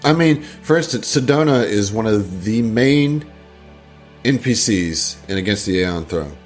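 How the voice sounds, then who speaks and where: A man's voice: lowish voice, lively intonation, unhurried, soft background music. A man co-hosting a tabletop podcast, giving easygoing advice and hedging often in casual chat. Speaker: podcast co-host.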